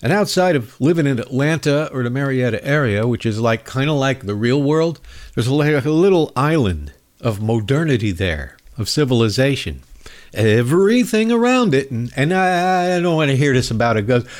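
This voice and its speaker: A man's voice: medium pitch, animated, a little fast. A man hosting a talk show, delivering a sarcastic, angry monologue. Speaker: radio show host.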